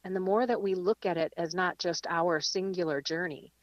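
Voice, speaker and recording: A woman guest calling in to a radio show from her car, telling a lively story and laughing easily. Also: lowish voice, moderate pace, no echo, lo-fi sound. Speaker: guest speaker. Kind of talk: live radio chat and reflection. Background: rain.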